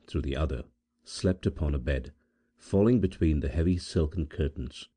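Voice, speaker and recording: A man reading a gothic tale aloud as an audiobook narrator, in a measured, solemn manner with dramatic pauses. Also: extremely low pitch, mellow. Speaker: volunteer audiobook reader.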